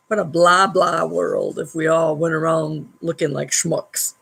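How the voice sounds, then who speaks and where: A woman's voice: low-pitched, fairly even intonation, a little slow, vocal fry, few pauses, a bit bright, a little hiss or hum, rough recording. A woman hosting a live stream at home, reading a book aloud and adding wry commentary, laughing often between passages.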